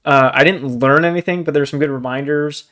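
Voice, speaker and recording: A young man co-hosting a book podcast, talking in a chatty, animated way and often saying "dude" and "like". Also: fairly high pitch, brisk. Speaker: podcast co-host. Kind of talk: casual book discussion.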